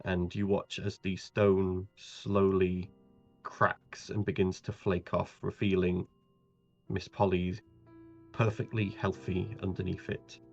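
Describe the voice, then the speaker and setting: Halting game master narrating. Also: male voice, low-pitched, flat delivery, gravelly, a little mellow. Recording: dull lo-fi audio, faint music.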